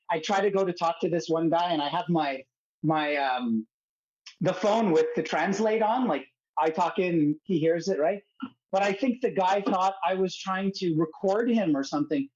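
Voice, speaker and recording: A woman's voice: fairly low pitch, a little mellow. A woman guest telling a travel story bluntly, with plenty of swearing. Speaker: podcast guest, motorcycle traveler. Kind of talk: casual anecdote telling. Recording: muffled recording.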